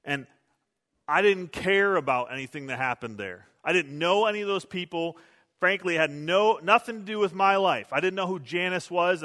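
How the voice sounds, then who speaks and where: A man's voice: high voice, bright, forceful tone, in a large hall. A male pastor preaching a sermon in a conversational, self-deprecating storytelling way, recorded in a church sanctuary.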